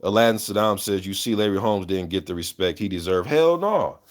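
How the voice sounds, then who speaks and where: Low-voiced man in loose, profane boxing chat. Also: brisk. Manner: profane, loose and opinionated, with frequent "you know what I'm saying". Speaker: boxing talk show host reading viewer comments. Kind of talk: casual unscripted chat.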